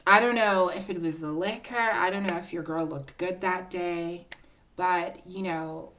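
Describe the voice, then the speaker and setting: A woman telling a personal story to her viewers in a casual, confiding storytime, often calling her listeners "girl" and building drama with pauses. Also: lowish voice, fairly even intonation, a bit bright. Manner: chatty, confiding, keeps addressing listeners as "girl".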